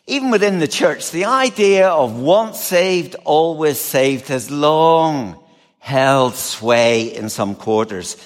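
A man preaching a sermon, measured and expressive, with a touch of dry humor. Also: a little high, long reverb tail.

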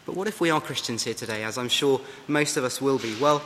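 A man's voice: mid-range voice, quick pace, a bit bright. A man preaching a sermon, earnest and exhorting, often asking the congregation rhetorical questions. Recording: long hall reverb, faint background hum.

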